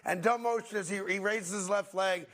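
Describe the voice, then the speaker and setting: A man hosting a sports talk show, telling football stories in an animated way and laughing often. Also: sits high, normal speed. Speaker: sports radio host.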